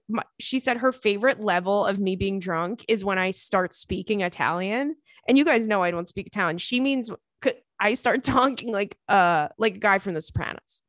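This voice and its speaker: A young woman hosting a podcast in casual chat, animated and profane, laughing often between thoughts. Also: medium pitch, no echo, clean studio sound. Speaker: podcast host.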